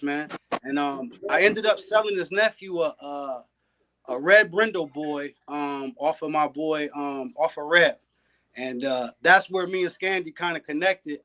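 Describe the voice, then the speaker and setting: Laid-back man telling stories, slightly high voice. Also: a bit bright. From United States. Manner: laid-back, drops in "man" and "you know" often. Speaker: guest breeder. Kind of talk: casual podcast storytelling.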